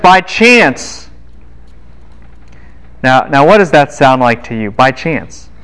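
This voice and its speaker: A man lectures a class in a smooth, resonant voice at an ordinary pitch. He talks in a lively way, keeps firing questions at his students and drops in quick asides. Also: rough recording. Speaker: Bible lecturer. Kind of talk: university lecture.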